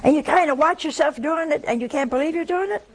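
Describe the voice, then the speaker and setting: A woman giving a folksy, storytelling sermon, speaking slowly and with emphasis. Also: high-pitched. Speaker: religious speaker.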